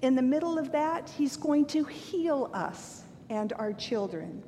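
Speaking with animation, unhurried and with hardly any pauses, an older woman preacher delivers an earnest, candid sermon. She blends scripture with self-deprecating anecdotes about herself, and the audio has a long hall reverb over a faint rumble.

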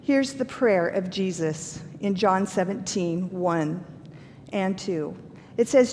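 A woman's voice: expressive, slow, darkish tone. A woman giving a recorded Bible lesson in an earnest way, asking her listeners questions. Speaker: Bible teacher. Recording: reverberant room with faint rumble.

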